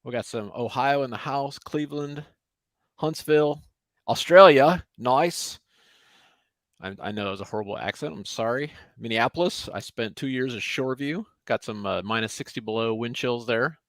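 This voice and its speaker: A man's voice: mid-range voice, fairly quick, no echo. Rambling, friendly male webinar host. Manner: rambling, friendly, many fillers. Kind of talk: casual live webinar talk. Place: home office in Austin.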